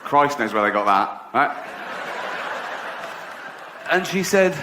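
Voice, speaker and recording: A man's voice: mid-range voice, sing-song, takes it slowly, pauses often, very noisy. An English man doing stand-up comedy, sardonic and profane, laughing at his own jokes.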